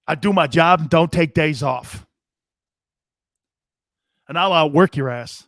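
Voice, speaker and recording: A man hosting a sports talk show, telling stories in a loose, animated way with frequent laughter and some cursing. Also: a little high, unhurried, dry recording, clean studio sound. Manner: animated storyteller, laughs often, curses. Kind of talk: casual sports radio chat.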